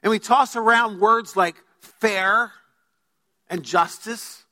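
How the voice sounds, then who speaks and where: A man's voice: sits high, slow, bright, forceful tone. A man preaching a sermon as pastor, emphatic, putting questions to his congregation. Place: church sanctuary. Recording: long hall reverb.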